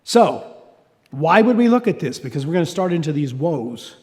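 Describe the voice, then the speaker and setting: Male pastor, conversational sermon delivery, high and lively, church hall reverb. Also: moderate pace. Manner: conversational preaching with restarts and asides.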